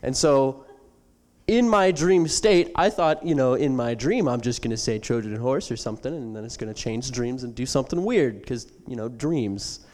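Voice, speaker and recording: A man's voice: mid-range voice, normal speed, darkish tone. Easygoing young man telling a story. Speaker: camp attendee. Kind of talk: casual storytelling.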